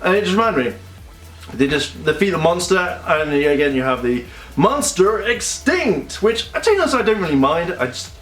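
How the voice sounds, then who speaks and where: A young man talks through his review in a casual, animated way, slipping into quick voices for the scenes. His voice sits a bit high. The room is echoey, with faint music underneath. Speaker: video reviewer.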